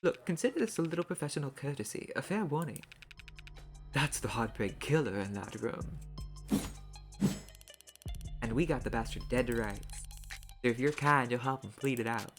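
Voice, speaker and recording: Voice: medium pitch, lively intonation, normal speed, pauses often, soft background music, close to an everyday voice. A streamer doing a tired old male detective. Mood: warning. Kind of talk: reading game dialogue aloud.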